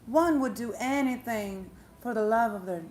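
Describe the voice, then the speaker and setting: Lady doing a sly stepmom begging the court, high, slow, mock innocent. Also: a little mellow, roomy sound, a little hiss or hum, close to an everyday voice. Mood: mock-pleading.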